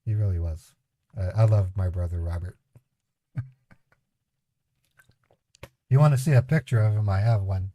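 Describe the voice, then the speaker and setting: Man telling rambling stories, mellow voice. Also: low voice, unhurried, long pauses, no room sound. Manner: rambling, chuckling anecdotes with voiced quotes. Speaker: scambaiting livestream host. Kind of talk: casual storytelling to a live chat.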